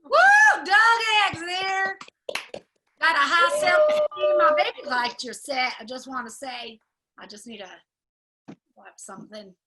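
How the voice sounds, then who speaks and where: A woman hosts a comedy show over a video call, speaking slowly in a high voice. She is chatty and quick to chime in with jokes. Clear background noise sits under her line. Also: lively intonation. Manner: chatty, laughing interjections. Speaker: show host. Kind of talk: hosting an online comedy show.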